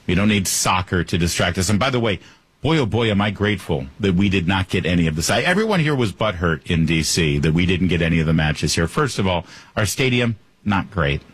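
Male talk radio host, lower voice, husky, lively pitch swings, sarcastic joking monologue, dry studio mic. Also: a little fast, no echo.

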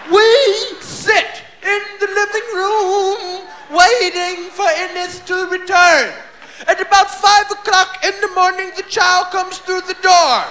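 High, bright, shouting stand-up comic. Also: male voice, slight background noise. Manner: animated, shouting punchlines and acting out voices. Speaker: stand-up comedian. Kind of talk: stand-up storytelling.

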